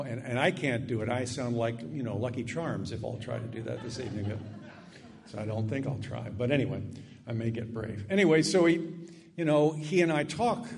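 An older man telling a story to a live audience on stage, animated and chatty, with asides and self-deprecating jokes. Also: mid-range voice. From Annapolis area. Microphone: stage microphone.

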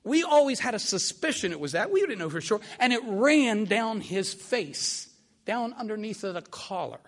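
Animated older man telling a story. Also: high-pitched, normal speed. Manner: animated, vivid, repetitive. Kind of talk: spoken storytelling.

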